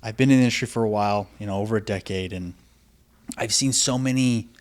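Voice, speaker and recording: A man's voice: on the low side, fast. A man in his thirties hosting a casual interview, talking loosely with lots of "dude" and "like". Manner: casual, says "dude" and "like" a lot. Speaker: podcast host.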